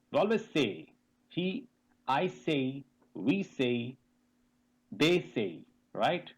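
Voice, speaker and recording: Slow, animated male pronunciation teacher. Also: mid-range voice, slightly rough, low-quality recording. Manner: slow, deliberate, repeating sounds and spelling words out letter by letter; asks the class questions. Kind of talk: online pronunciation lesson. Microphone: video call.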